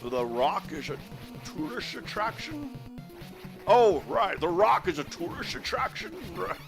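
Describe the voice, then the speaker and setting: A man's voice: high-pitched, very animated, a little slow, music in the background, heavily acted, poor audio. A man putting on a drawling impression of an elderly professor father with a slurred, lispy S, rambling while playing a game. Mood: mock-dramatic. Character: gruff elderly Scottish professor father, lecturing. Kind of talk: comedic impression during a game stream.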